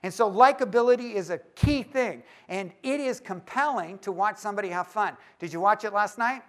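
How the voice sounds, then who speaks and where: A man with a notably high voice gives a live talk to a room of church leaders. He is lively and playful and keeps teasing his listeners as he goes. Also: brisk. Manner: lively and joking, teases the audience. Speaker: speaker at a church leaders' conference.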